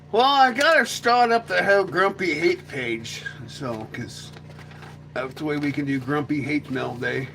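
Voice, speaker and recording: A man's voice: on the high side, expressive, a little slow, creaky, pushed and bright, a little hiss or hum. A man hosting a casual livestream chat, rambling and joking, often slipping into silly voices. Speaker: livestream host.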